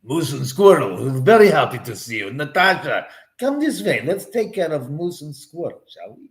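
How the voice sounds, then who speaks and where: A man's voice: fairly high pitch, sing-song, normal speed. A man doing an impression of a scheming male cartoon spy villain with a mock accent.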